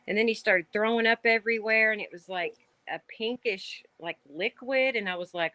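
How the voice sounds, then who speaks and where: A woman's voice: medium pitch, moderate pace, few pauses, pushed and bright, dry recording. A woman from Kentucky with a Southern accent, talking casually as a guest on a live stream call, rambling with lots of "like". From Kentucky, USA. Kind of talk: casual chat. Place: outdoor patio at night.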